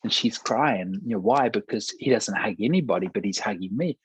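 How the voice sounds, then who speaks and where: A pastor telling a personal testimony in conversation, earnest and acting out quoted dialogue. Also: male voice, lowish voice, animated, brisk, slight background noise, rough recording.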